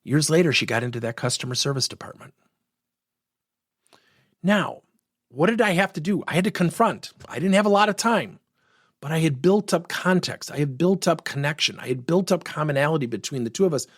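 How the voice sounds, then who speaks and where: Animated middle-aged man coaching. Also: fairly high pitch, a little fast, dry recording, studio quality. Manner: animated, acts out quoted dialogue. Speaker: workplace coaching trainer. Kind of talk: storytelling coaching lesson.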